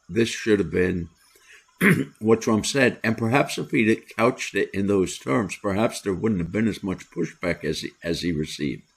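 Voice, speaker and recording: An older American man hosting a solo commentary, talking in a deliberate, opinionated way with many "uh" pauses. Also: sits low, creaky, husky. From United States. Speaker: commentary host.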